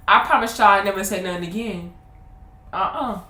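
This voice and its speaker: A woman in her twenties telling a personal story to her viewers in a casual, animated way, laughing often. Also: on the high side, moderate pace. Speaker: vlogger. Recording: roomy echo.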